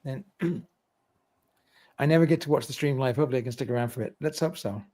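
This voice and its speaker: A man's voice: medium pitch, fast talker, warm tone. A middle-aged man hosting a livestream, chatting casually, reading viewer comments aloud and laughing often. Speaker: livestream host.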